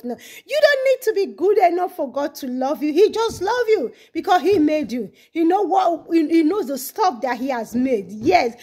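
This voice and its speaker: High-pitched, fervent woman preaching. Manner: fervent, emphatic, with drawn-out stressed words. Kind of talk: impassioned sermon.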